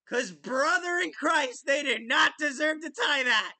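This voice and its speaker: A woman hosting a casual live hockey commentary, calling the play with loud bursts and frequent swearing. Her voice sits high and bright and cuts through clearly. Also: a little slow. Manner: excitable, swears freely, shouts goal calls. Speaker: podcast host.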